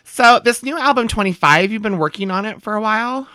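A man's voice: high-pitched, fairly quick, bright, forceful tone, clean tone, no room sound, studio quality. A man playing a gushing, flustered radio interviewer in a comedy sketch.

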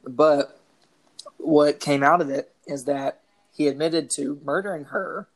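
A woman's voice: low-pitched, fairly even intonation, takes it slowly. A woman co-hosting a casual true-crime podcast, rambling with many fillers. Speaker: podcast co-host.

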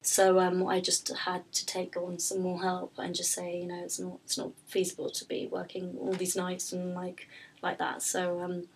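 Woman, husky, flat pitch, rambling casual interview talk, many fillers. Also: normal speed. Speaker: pastry business founder, guest.

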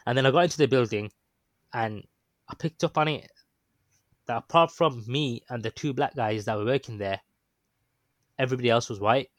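Speaking at medium pitch and a moderate pace, a guest describes his experience casually, stopping frequently. The telling is meandering and unsure, packed with ums and false starts, and the audio is dry.

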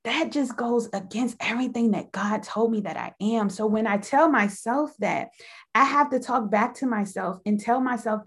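A woman's voice: medium pitch, normal speed, breathy edge. A woman talking about faith in a podcast conversation, emphatic and preacherly, repeating phrases for effect.

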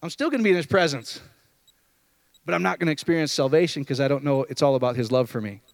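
A man preaching an informal sermon, jumping from loud high outbursts to low murmurs and asking the room questions. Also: fast talker, vocal fry, no room sound. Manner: conversational, asks the room questions.

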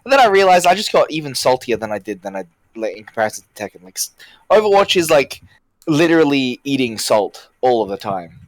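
Lively Australian man chatting casually. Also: medium pitch, quick pace, dry recording. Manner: animated, rambling, frequent fillers. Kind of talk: casual chat.

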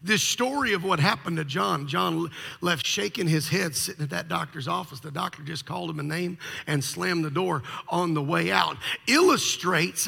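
A man's voice: a little high, normal speed, vocal fry, pushed and bright, slightly rough. A male pastor giving a sermon, telling a story with jokes and asides. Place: large church sanctuary. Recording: long reverb of a large hall.

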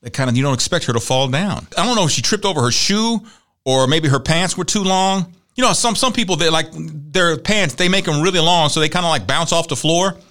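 A man's voice: on the high side, lively intonation, a little fast, sharp tone. A man hosting a talk show, casually running through news and celebrity gossip with wry asides and laughs at his own jokes.

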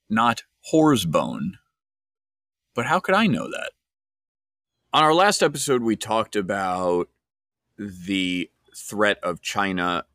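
A man's voice: low-pitched, a bit bright, no echo, studio quality. A man hosting a podcast, telling a travel story wryly before moving into casual commentary. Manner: conversational, wry, with fillers and restarts. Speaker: podcast host.

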